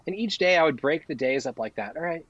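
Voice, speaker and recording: A man's voice: on the high side, fast, no room sound, lo-fi sound. A man, a podcast guest, telling stories casually and animatedly, acting out the lines people said to him. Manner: animated, acts out quoted dialogue. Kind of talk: casual storytelling.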